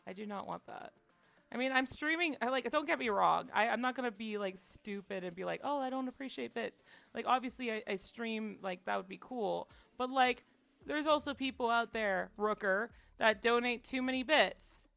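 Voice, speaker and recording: Gravelly-voiced woman streamer rambling. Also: on the high side, normal speed, no room sound, faint music behind. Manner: rambling, self-deprecating, many fillers; drops to quiet mutters while concentrating. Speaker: livestreamer. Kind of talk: casual chat while drawing on stream.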